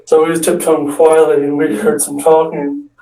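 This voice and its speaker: His voice sits on the high side, warm in tone but flat in delivery, at a moderate pace. This amateur storyteller meanders through a comic account of his friends, restarting and acting out their lines. The room echoes and the mic is far off.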